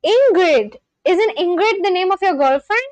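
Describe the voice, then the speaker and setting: A woman's voice: extremely high pitch, expressive, normal speed, a little mellow, no room sound, rough recording. A woman from India, hosting a casual livestream, chatting and giggling as she answers viewers' messages. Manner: chatty, giggly, reads chat messages aloud and answers them. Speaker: livestream host.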